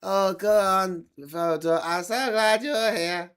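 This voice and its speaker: A man voicing a small, tender male hobbit in a squeaky, helium-like voice while he is losing his voice. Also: slow pace, fairly bright tone, clear, resonant tone.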